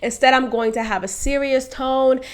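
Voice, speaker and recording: A woman's voice: high voice, moderate pace. A young woman hosting a podcast, telling a workplace story casually and candidly, swearing freely and laughing as she goes. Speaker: podcast host.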